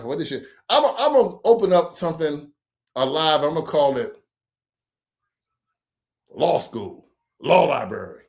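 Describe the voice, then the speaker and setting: A man hosting a late-night livestream, talking in a rambling, profane, animated way. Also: on the high side. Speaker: livestream host.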